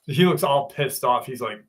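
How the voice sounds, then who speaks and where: Slow-talking man in his sixties. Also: mid-range voice. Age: 60s. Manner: casual, profane, greets chat viewers by name. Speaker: livestream host. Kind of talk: casual livestream chat. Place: home.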